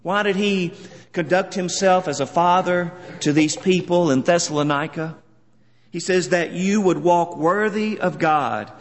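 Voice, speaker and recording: A man preaching a sermon in an earnest, measured way, leaning on words for solemn emphasis. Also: fairly high pitch, long reverb tail.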